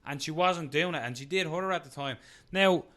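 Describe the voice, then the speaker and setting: A man with an Irish accent co-hosting a casual fight-sports podcast, swearing freely and slipping into quick impressions. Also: on the high side. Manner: swears freely, animated, mimics people in quotes. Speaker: podcast co-host. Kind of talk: casual chat.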